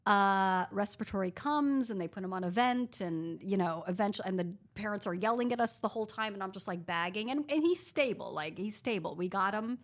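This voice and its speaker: A woman with a voice that sits in an ordinary middle pitch tells a story in a relaxed podcast conversation. She is a physician, and she talks in an animated way, acting out what others said and filling her sentences with "like.". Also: fairly quick, few pauses. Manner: animated, acts out quoted dialogue, frequent "like".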